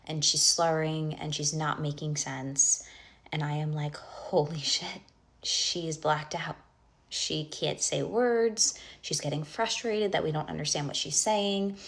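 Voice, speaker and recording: A young woman with a deep voice rambles through a casual storytime, piling on fillers and restarts. Her voice carries a noticeable vocal fry, and she keeps slipping into hushed whispers for asides. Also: fairly even intonation, a little slow.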